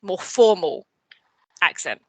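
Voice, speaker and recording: A woman's voice: lowish voice, expressive, takes it slowly, a bit bright, breathy edge, dry recording. A young British woman co-hosting a podcast, chatting casually with lots of filler words. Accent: British English. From Britain. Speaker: podcast co-host. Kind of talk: casual chat.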